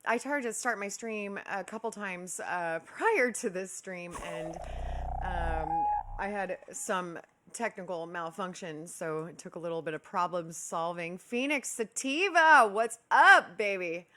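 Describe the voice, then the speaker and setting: Young kansas city woman streaming, chatty, bright kinda sharp voice, calls everyone babe and my love. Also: on the low side, unhurried, a little hiss or hum. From Kansas City, USA. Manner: chatty, laughs often, affectionate greetings. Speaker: livestream host. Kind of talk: casual chat with viewers.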